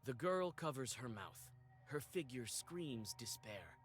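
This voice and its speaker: A man narrating a dark story in second person in a measured, atmospheric manner. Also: mid-range voice, big pitch swings, soft background music.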